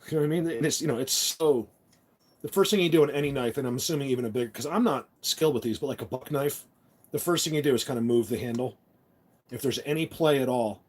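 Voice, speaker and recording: Guy doing a loose rambly live stream off his phone, mid pitch, jokey tough talk. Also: breathy edge. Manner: rambling, talks tough in jest. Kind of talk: casual live-stream chat.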